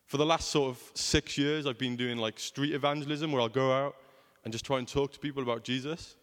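A man's voice: medium pitch, steady tone, brisk, a bit bright, in a large hall. A young man preaching a sermon in a conversational way, often asking rhetorical questions.

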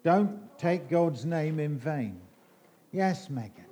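A man's voice: on the high side, lively intonation, slow, mellow, breathy edge. A middle-aged English man preaching an all-age sermon, quizzing children in a playful, teasing way.

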